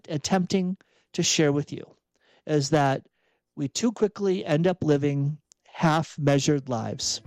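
A man's voice: on the high side, a little mellow. A man reflecting earnestly on faith, asking rhetorical questions as he preaches. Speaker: Catholic speaker and author.

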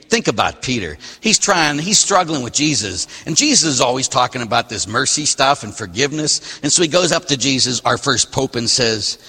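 A man preaching a Catholic sermon and reading scripture, animated, swinging between loud emphasis and quiet, slowed phrases. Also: medium pitch, slightly rough, in a large hall. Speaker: Catholic priest.

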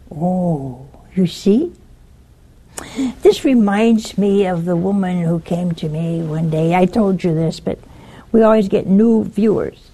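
An older woman hosts a religious video show, delivering an informal, story-filled sermon in a fairly low, mellow voice. She speaks slowly, teasing her viewers and asking them questions.

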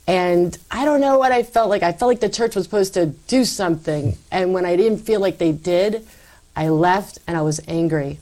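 A woman guest telling her faith story in an interview, animated and acting out her past self. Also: on the low side, moderate pace. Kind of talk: personal faith testimony.

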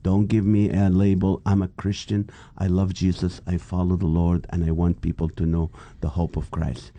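Low, mellow-voiced comedian from the Middle East. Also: male voice, moderate pace. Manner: animated storyteller, acts out quoted voices. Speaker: comedian guest. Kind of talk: casual interview storytelling.

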